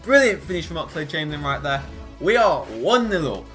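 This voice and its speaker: A young man commentating live on his own football video game matches, excitable and swinging between groans and shouts. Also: on the high side, brisk, soft background music. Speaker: gaming YouTuber.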